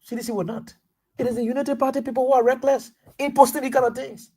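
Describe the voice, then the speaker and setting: Radio host, high voice, emphatic, repetitive, rhetorical questions. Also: fairly even intonation, fast, dark tone, slightly rough. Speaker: radio talk show host. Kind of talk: political commentary.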